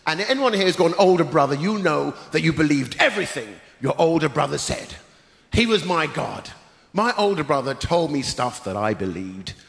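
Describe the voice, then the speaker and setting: A man hosting a live stand-up show, with a punchy, theatrical delivery and shouted greetings to the crowd. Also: on the high side. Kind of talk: stand-up comedy set. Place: large theatre stage before a live audience. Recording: roomy theatre reverb, loud audience noise.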